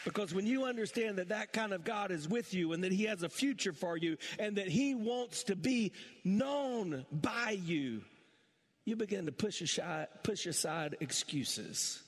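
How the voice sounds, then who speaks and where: High-voiced man preaching emphatically. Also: animated, unhurried, in a large hall. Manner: emphatic preaching that builds in intensity. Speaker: senior pastor. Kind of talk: sermon.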